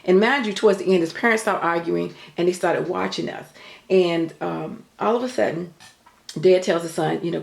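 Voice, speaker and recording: A woman's voice: lowish voice, brisk, gravelly, roomy sound. An older woman telling a story in an earnest, chatty way, full of faith talk. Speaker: vlogger. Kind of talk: casual storytelling.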